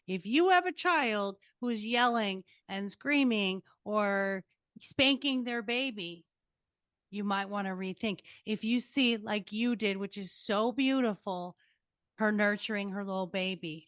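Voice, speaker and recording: An older woman hosting a podcast interview offers earnest, emphatic parenting advice in a casual chat. Her voice sits a little high with a fairly bright tone, and the studio recording is clean with no echo.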